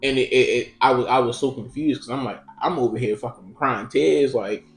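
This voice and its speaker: Young man, casual storyteller, loose and profane, mid pitch, echoey room, faint music under. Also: a little fast. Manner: profane, rambling storytelling with many fillers. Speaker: podcast co-host. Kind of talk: casual chat. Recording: roomy echo.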